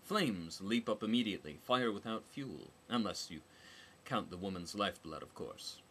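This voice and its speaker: A man's voice: lowish voice, expressive, moderate pace, fairly bright tone, slight background noise. A man narrating a novel as an audiobook, with a dry, wry delivery.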